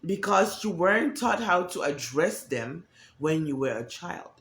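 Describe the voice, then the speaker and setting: A woman's voice: on the low side, lively intonation, measured pace. A woman giving a candid, profane monologue about emotions, acting out quoted voices as she talks. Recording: echoey room.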